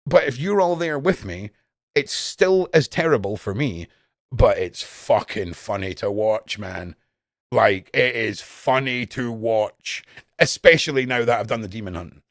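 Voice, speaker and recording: A young man chatting casually and profanely on a live stream, jumping between loud outbursts and low mutters. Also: no echo, studio quality. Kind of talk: casual rambling stream chat.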